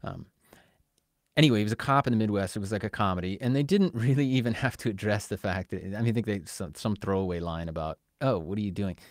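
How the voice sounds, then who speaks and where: Man, podcast co-host, casual chat, animated ranting, somewhat low voice, dry close sound. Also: quick pace, dry recording. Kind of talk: casual conversation.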